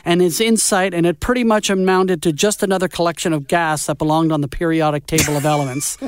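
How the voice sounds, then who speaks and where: A man hosting a music radio show, chatting in an animated, joking way. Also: fairly high pitch, fairly quick, background noise. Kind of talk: casual chat.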